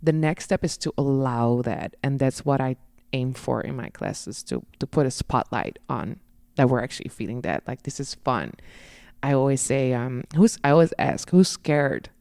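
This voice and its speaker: Lively woman chatting on a podcast. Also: very deep voice, moderate pace, creaky, no room sound, studio quality. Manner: animated, laughs at herself, acts out quotes. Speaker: podcast guest, dance instructor. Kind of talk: casual podcast conversation.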